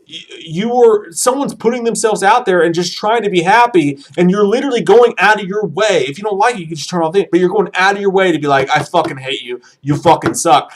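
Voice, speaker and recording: A man's voice: sits high, fast talker, hardly any pauses. A man co-hosting a movie livestream, talking in a rambling, impassioned way, swearing often and then apologizing. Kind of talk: profane livestream chat.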